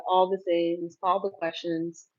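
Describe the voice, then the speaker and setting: A woman from Cameroon with a lowish voice speaks a little slowly and with flat delivery as she hosts a casual live Q&A. She chats, laughs often, and reads out viewers' comments, and the recording is lo-fi.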